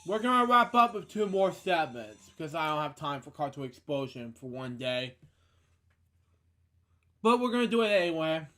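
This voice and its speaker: High-voiced tired man hosting a home show. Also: big pitch swings, normal speed, bright, forceful tone. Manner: rambling, listy delivery with frequent fillers. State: tired and yawning. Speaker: host of a home video show. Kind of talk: casual show wrap-up and announcements.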